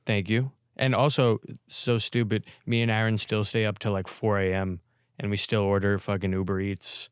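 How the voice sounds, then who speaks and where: A young man with a smooth, resonant, slightly low voice, recorded close and dry in a podcast studio. He tells stories animatedly, jumping into quoted voices, in relaxed casual chat. The sound is direct with no room echo. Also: moderate pace. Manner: animated storyteller, acts out quotes. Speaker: podcast host.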